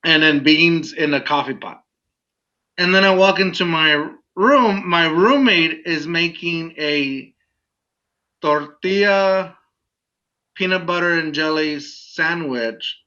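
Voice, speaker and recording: Brief: male co-host with a bright, tense tone and a high voice, slightly muffled audio. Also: slow pace. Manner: rambling, laughs through stories. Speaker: podcast co-host. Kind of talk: casual chat.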